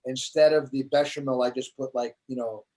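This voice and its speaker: A man's voice: mid-range voice, brisk. A man who is a comedian, telling anecdotes as a guest in a casual interview and acting out the voices of the people in them. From United States. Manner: animated storyteller, acts out voices in anecdotes.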